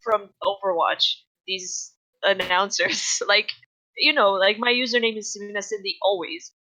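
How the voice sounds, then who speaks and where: A woman's voice: medium pitch, fairly even intonation, unhurried, sharp tone, a little hiss or hum, rough recording. A young woman chatting casually on a podcast, rambling and laughing often. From outside English-speaking countries. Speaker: podcast guest. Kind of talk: casual chat.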